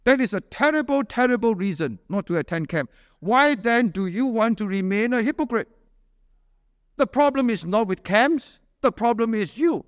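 A man preaching a sermon at a church camp, emphatic, swinging between loud urging and low, quiet pleading. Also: lively intonation, normal speed, clean studio sound. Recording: long hall reverb.

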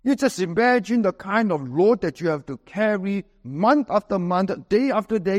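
Singaporean male pastor, emphatic preacher, high-pitched, reverberant hall sound. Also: darkish tone. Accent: Singaporean English. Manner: emphatic preaching with dramatic pitch swings and slow quoted scripture. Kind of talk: sermon.

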